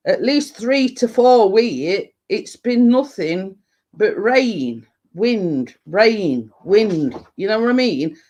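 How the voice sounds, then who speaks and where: A middle-aged woman with a Yorkshire accent and a slightly deep voice, chatting casually on a livestream and rambling with lots of fillers. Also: a little mellow. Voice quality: a bit deep. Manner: rambling, full of fillers and restarts. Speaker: livestream host. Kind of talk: casual live chat.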